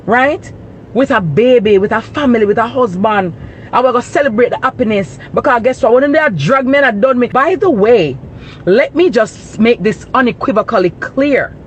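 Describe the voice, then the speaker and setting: A woman's voice: a little high, slight background noise. A woman with a Jamaican accent, talking to her followers in an indignant, emphatic rant. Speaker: vlogger. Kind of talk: direct-to-camera commentary.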